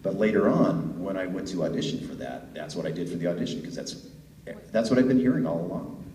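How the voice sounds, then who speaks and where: A middle-aged man with a deep voice, a voice actor telling stories to fans at a convention panel, chatty and laughing easily. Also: lively intonation, quick pace, dark tone. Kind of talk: relaxed storytelling answer to a fan. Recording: echoey hall from far off, faint noise.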